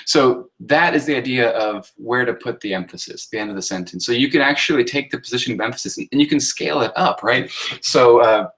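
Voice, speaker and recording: A man's voice: mid-range voice, fairly quick, fairly bright tone, poor audio. A man, a writing instructor, talking through a recorded workshop lecture on sentence style in an explanatory way, often checking in with "right?" and using fillers.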